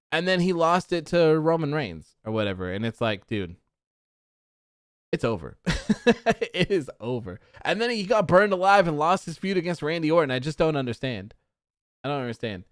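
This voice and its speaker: A man's voice: on the high side, lively intonation, moderate pace, clean tone, dry recording, clean studio sound. Frustrated young man ranting on a stream. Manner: frustrated, rambling, reads chat comments aloud. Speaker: livestream host. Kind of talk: casual wrestling post-show chat.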